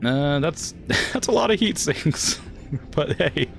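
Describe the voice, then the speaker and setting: A man's voice: on the high side, animated, slow, creaky. A young man streaming a video game, chatting casually, thinking aloud and chuckling as he plays. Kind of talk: casual gameplay chat.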